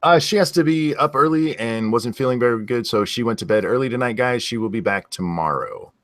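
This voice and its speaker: A man hosting a live podcast, talking in a halting, stammering way and laughing easily. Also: medium pitch, a bit bright, no room sound. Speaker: podcast host. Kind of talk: casual podcast banter.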